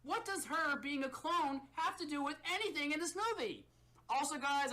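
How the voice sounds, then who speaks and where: A woman's voice: fairly high pitch, brisk. A woman doing a sarcastic comedic review in a clip. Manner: sarcastic, swings to silly deadpan.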